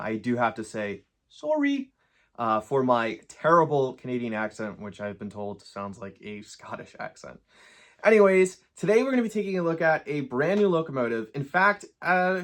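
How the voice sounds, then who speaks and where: A young man hosting a model train channel, chatty and upbeat, with a casual hobby vlog delivery. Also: medium pitch. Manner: chatty and upbeat, jokes about his own accent.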